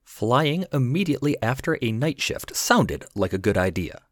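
A man who is an ER physician and podcast host, telling a scripted funny story with wry, deadpan delivery. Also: medium pitch, moderate pace, no echo, studio quality.

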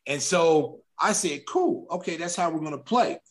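A middle-aged former basketball player from Oklahoma tells an interviewer a long, casual story at normal speed. His slightly high voice leaps up in pitch as he acts out the quoted lines for the big moments.

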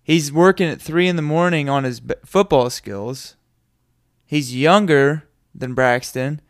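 A man's voice: fairly high pitch, measured pace. A man hosting a sports podcast, talking casually and bluntly, with strong opinions and some mild cursing. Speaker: podcast host.

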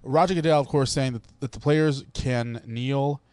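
A man's voice: medium pitch, moderate pace, a little mellow, clear, resonant tone. A man co-hosting a casual sports and politics podcast, steering the talk with questions. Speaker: podcast co-host and producer.

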